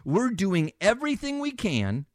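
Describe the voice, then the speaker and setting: A man's voice: sits high, wildly swooping pitch, unhurried, no echo. A man hosting political talk radio as a fill-in, ranting with indignation and sarcasm into a studio microphone.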